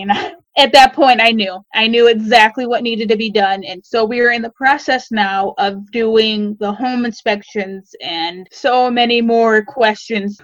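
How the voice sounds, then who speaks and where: A woman telling an emotional personal story, acting out the dialogue with sudden leaps in pitch. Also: fairly even intonation, measured pace, a bit bright, dry recording, dull audio. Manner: acts out quoted dialogue with sudden jumps in pitch.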